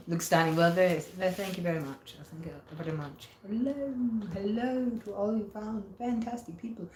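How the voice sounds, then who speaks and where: A woman hosts a casual livestream, reading out viewer comments and answering each one in a chatty, playful way. Her voice sits a little low. The room around her adds a noticeable echo. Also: darkish tone, a little hiss or hum. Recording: roomy echo.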